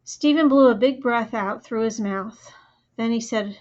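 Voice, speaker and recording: In a dull lo-fi recording, a woman with a somewhat high voice reads a first-person audiobook a little slowly, telling the story in a plain, even manner.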